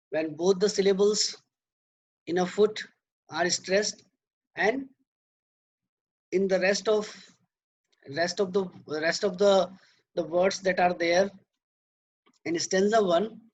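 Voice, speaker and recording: A man lecturing on poetry, slow and halting, repeating words and filling pauses as he explains. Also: high-pitched, lo-fi sound.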